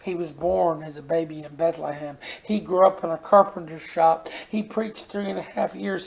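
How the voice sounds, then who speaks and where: Folksy gravelly-voiced preacher. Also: mid-range voice, fairly even intonation, normal speed, hardly any pauses, darkish tone. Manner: folksy, repeats words when emphatic. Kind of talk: sermon with scripture reading.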